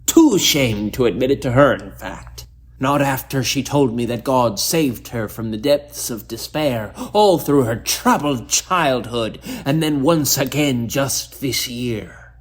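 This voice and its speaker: A man doing a gruff old sea captain. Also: medium pitch, a little slow, lightly acted. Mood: tender. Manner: old sailor talk, growling.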